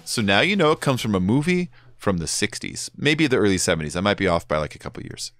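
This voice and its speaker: A man's voice: lowish voice, very animated, fast, fairly bright tone, dry recording. A man streaming a racing game and chatting casually with viewers, rambling through stories and laughing often. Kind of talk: casual live-stream chat.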